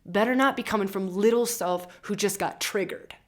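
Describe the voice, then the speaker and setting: A woman's voice: medium pitch, normal speed. A woman in her forties giving a casual, fervent spiritual talk on astrology. She swears freely and keeps asking "right?". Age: 40s. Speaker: astrologer and membership host.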